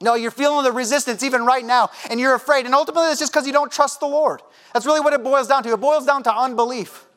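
A man's voice: very high-pitched, fast, a bit bright. A man preaching a sermon in a church, impassioned and conversational, acting out quoted voices and repeating himself as he presses his point. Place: church sanctuary.

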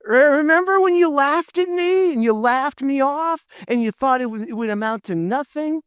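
A man's voice: very high voice, moderate pace, a bit bright, no room sound, voice pushed up. A man putting on the voice of a triumphant young man taunting his brothers, mocking and boastful. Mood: gloating.

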